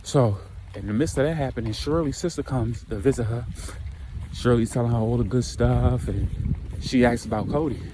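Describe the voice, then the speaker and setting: Mellow-voiced man telling a story casually. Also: mid-range voice, normal speed, slight background noise, rough recording. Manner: slangy, conversational, retells with quoted voices.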